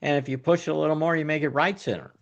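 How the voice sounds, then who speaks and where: A man's voice: a little high, fairly even intonation, racing, gravelly, dull audio. A man hosting a golf podcast who sets up his questions with long explanations in casual conversation. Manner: leads with long setups, then asks questions. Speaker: podcast host.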